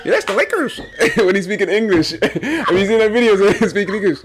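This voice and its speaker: A man's voice: sits high, brisk, noisy background. A young man co-hosting a casual football podcast, bantering and laughing a lot. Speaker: podcast co-host. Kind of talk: casual chat.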